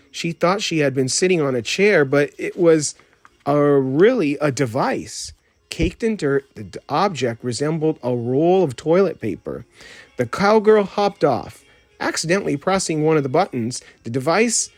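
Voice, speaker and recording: A man narrating a children's storybook audiobook in a measured, plain reading. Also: on the high side, dry recording. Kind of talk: storybook read-aloud narration.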